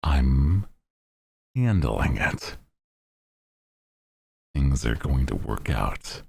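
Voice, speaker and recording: A man voicing a calmly menacing male villain who reassures in a slow, ominous way. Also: rumbling low, creaky, breathy edge, exaggerated voice. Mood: smug ominous.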